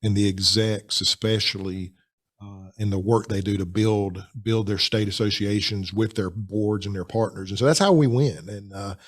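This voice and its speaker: A man with a fairly low voice hosts a relaxed podcast conversation. He talks in an animated, chatty way and often restarts his sentences. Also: normal speed. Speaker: podcast host. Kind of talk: casual podcast chat.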